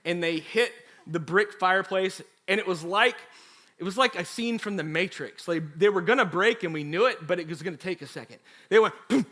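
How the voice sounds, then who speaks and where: Bright, high-voiced male pastor preaching. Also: fairly quick. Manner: animated storytelling with acted quotes; chatty, addresses the congregation directly. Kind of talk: sermon.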